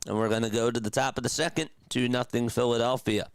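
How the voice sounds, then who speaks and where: A man's voice: mid-range voice, brisk, few pauses, smooth, no echo. Chatty man doing play-by-play. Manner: chatty, talks to chat, sarcastic asides; animated, jumps between calls and opinions. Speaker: play-by-play host. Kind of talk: radio-style play-by-play commentary.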